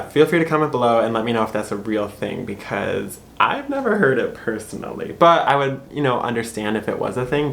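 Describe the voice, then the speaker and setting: A man's voice: mid-range voice, gravelly, fairly bright tone, slight background noise. A man with a Michigan accent, from Michigan, chatting casually to camera as a vlog host and laughing often at his own points. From Michigan, USA.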